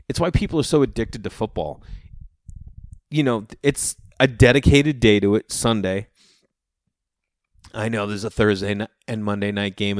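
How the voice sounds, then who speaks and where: A man from the Boston area telling rambling casual stories, jumping into animated voices for the people he quotes. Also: fairly low pitch, no room sound, clean studio sound. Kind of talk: casual storytelling monologue.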